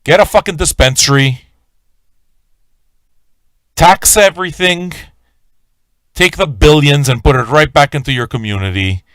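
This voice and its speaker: A man's voice: on the high side, measured pace, long pauses, fairly bright tone, no echo. A man hosting a live-stream radio show, ranting in a swaggering, profane way and talking straight to his viewers. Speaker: livestream radio host.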